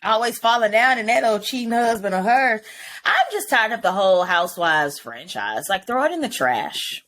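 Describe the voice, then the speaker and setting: A woman co-hosts a podcast in relaxed chat, blunt and quick with a joke. She talks in a slangy, plainspoken way at a middle pitch. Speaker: podcast co-host. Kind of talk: casual chat. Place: Atlanta.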